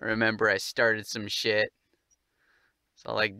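A man's voice: fairly low pitch, completely flat delivery, measured pace, long pauses, bright, forceful tone, clear, resonant tone, no echo. A young man ranting casually while walking his dog, swearing often and laughing at it. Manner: profane, mocking, laughs often. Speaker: vlogger. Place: outdoors on a dog walk.

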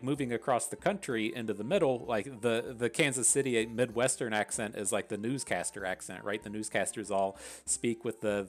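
A man from West Virginia with a thick Appalachian accent, chatting casually and rambling through gameplay commentary, swearing freely. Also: fairly low pitch. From West Virginia, USA. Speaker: gaming channel host.

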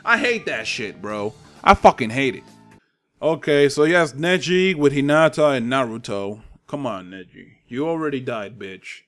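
A man's voice: medium pitch, animated, normal speed, fairly bright tone, faint music behind. A young man with a Spanish accent giving loose, profane, trash-talking commentary while he plays a fighting game online. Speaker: gaming channel host. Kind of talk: live gameplay commentary.

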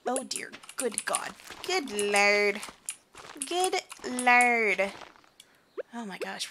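A woman's voice: medium pitch, a little slow, background noise. A young woman casually commenting on her farming game as she plays, chatty and self-mocking, singing and muttering to herself. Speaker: gaming streamer. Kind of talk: casual let's-play commentary.

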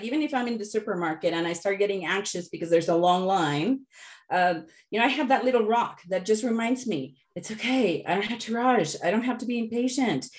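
A middle-aged woman coach giving an online workshop talk, chatty and lively, telling loose stories. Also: medium pitch.

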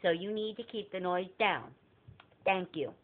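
A man's voice: high voice, unhurried. A young man doing an impression of a famous male stand-up comedian, telling a prank story and acting out the characters' voices. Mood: animated storytelling. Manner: animated storytelling that acts out several characters' voices. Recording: tinny phone-like lo-fi recording.

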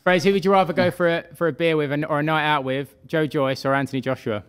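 A man's voice: a little high, steady tone, quick pace, clean tone. A male podcast co-host in casual chat, asking long, rambling questions. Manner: chatty, asks long questions.

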